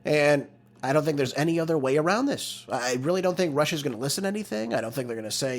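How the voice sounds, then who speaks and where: A man's voice: on the high side, very animated, quick pace. Emphatic, ranting male talk show host. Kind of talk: opinionated solo commentary.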